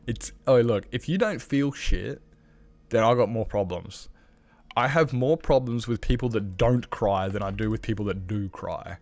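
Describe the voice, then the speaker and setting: A man's voice: lowish voice, a little mellow. A man chatting casually on a live game stream, rambling and candid, swearing freely and dropping lots of fillers. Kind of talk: casual live-stream chat while gaming.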